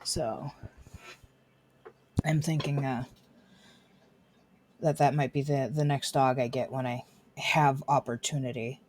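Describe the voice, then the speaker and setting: A woman's voice: very deep voice, steady tone, slow pace, pauses often, darkish tone, a little hiss or hum. A woman streaming a game from her desk at home, chatting casually and slipping into baby talk with her dog. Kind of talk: casual chat while streaming.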